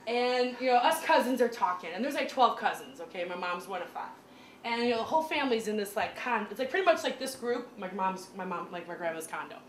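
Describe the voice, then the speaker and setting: A woman doing stand-up storytelling in a small comedy club, chatty and animated, full of "like" fillers. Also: medium pitch, fast. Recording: echoey club room with crowd noise.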